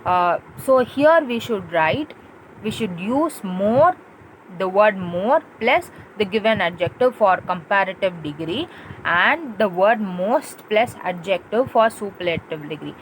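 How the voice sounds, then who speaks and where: A woman's voice: mid-range voice, animated, measured pace, slight background noise, poor audio. A woman teacher, patiently explaining a grammar lesson to a class of schoolgirls, spelling out letters and asking check-in questions. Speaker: English teacher.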